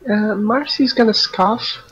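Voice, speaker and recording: A woman plays a tabletop role-playing game, speaking earnestly and with some formality as her character. Her voice is husky and breathy at a middle pitch. The dull, lo-fi mic takes the edge off her sound. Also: measured pace. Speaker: player. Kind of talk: casual tabletop role-play.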